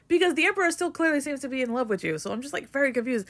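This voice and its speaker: A woman's voice: sits high, fast. A young woman ranting emotionally about a book in a casual vlog, swearing and rambling with lots of "like". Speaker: book vlogger.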